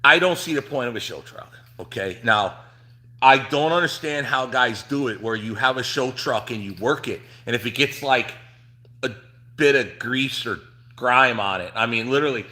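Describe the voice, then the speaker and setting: Hosting a casual trucking livestream from his shop, a middle-aged man from New Jersey speaks at an ordinary pitch in a bright, forceful voice. He's chatty and rambling, restarting sentences and filling pauses with ums and uhs.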